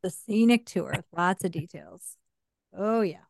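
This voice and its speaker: A woman's voice: lowish voice, measured pace, vocal fry, no room sound, studio quality. A woman in her forties co-hosting a casual podcast, talking with radio-style emphasis and laughing often. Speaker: podcast co-host and voice actor. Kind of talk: casual chat.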